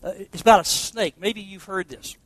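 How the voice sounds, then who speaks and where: A pastor preaching a sermon to confirmation students, emphatic and asking rhetorical questions. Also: male voice, high-pitched, moderate pace, dry recording.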